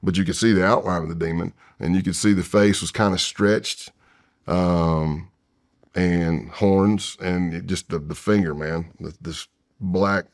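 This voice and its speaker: Deep-voiced man telling a story. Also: fairly even intonation, unhurried. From United States. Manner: rambling and candid, with frequent restarts and asides. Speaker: podcast guest, retired federal agent. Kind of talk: casual storytelling in a long-form interview.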